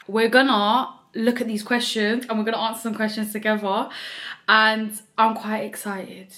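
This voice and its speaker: Chatty young woman vlogger, fairly high. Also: normal speed, slight background noise. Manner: chatty, relaxed, filler "like" often. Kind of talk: casual mukbang chat.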